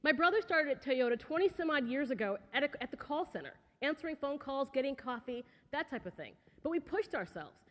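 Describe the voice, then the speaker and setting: High-voiced woman giving a motivational talk. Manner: lively, conversational, with asides to the audience. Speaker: speaker. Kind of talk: motivational talk to young people. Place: auditorium stage. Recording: echoey hall.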